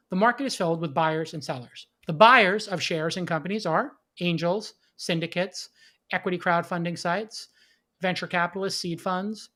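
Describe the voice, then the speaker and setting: A middle-aged man hosting a live podcast, giving energetic advice to startup founders with quick acted-out asides. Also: high voice. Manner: energetic, plays an auctioneer in quick bursts. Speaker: podcast host.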